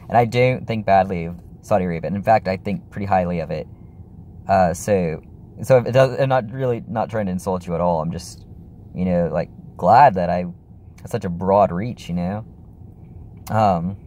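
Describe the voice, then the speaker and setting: A man's voice: fairly low pitch, dark tone, slight background noise. A young man chatting casually in a vlog, rambling and apologetic, with lots of fillers and restarts. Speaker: YouTuber.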